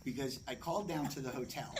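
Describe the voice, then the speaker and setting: A man's voice: mid-range voice, fast talker, slight background noise, rough recording. A man casually telling an anecdote as a podcast guest, acting out other people's voices. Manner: animated, acts out the voices of others.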